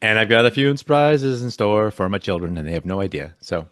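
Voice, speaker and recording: A man's voice: lowish voice, lively intonation, brisk, dry recording, studio quality. A man co-hosting a podcast in casual chat who has just woken up, rambling, jokey and often cutting himself off mid-sentence. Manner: rambling, self-interrupting, jokey. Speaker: podcast co-host.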